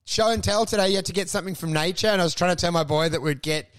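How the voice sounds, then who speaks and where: A man's voice: high-pitched, racing, smooth. A middle-aged man, a comedian co-hosting a podcast, chatting casually and animatedly, often laughing. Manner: animated, laughing, mimics others in quotes.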